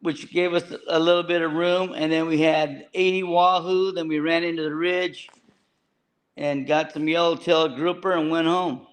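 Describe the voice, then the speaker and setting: A man's voice: a little high, level tone, moderate pace. A man, a fishing boat captain, talking plainly in an interview and often repeating words as he goes. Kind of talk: casual interview.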